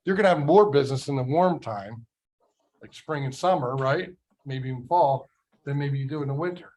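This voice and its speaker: A man's voice: medium pitch, moderate pace, darkish tone. Middle-aged man coaching with rhetorical questions. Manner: conversational, full of rhetorical questions. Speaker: real estate sales trainer. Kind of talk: motivational business training talk.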